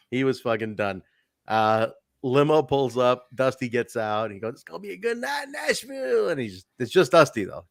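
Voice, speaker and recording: A man's voice: medium pitch, no room sound, clean studio sound. A man co-hosting a wrestling review podcast, chatting casually, swearing and laughing as he acts out what wrestlers said. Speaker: podcast co-host.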